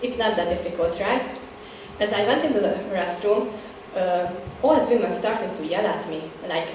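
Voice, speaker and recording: A woman's voice: medium pitch, moderate pace, darkish tone. A woman telling her own story in a candid, conversational way as a scripted stage testimony, heard from a distance in a reverberant hall. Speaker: performer sharing a personal story. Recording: echoey hall, distant mic, faint noise.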